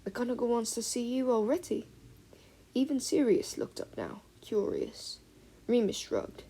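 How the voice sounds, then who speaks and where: A woman reading a fan-fiction audiobook aloud, expressive storytelling with soft breathy passages. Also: medium pitch, poor audio. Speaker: audiobook reader.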